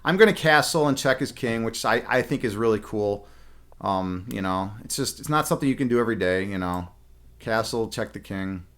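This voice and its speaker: A man's voice: lowish voice, expressive, fairly quick, a bit bright. A man live-streaming and chatting casually, a chess instructor who rambles with many fillers and restarts and laughs often.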